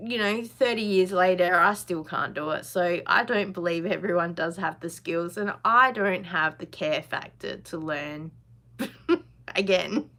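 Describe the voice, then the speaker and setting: A woman's voice: fairly low pitch, bright, forceful tone. A woman, hosting a casual live chat, chatty and blunt, laughing often. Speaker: live stream host.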